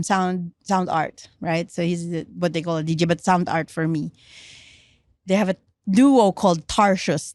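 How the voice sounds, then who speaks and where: A middle-aged woman with a Filipino accent, chatting on a podcast as a guest and trauma researcher. She tells her story with animated energy, mixes English with Tagalog, and shrieks when she acts out screams. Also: fairly low pitch, dry recording, studio quality. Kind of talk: casual podcast chat.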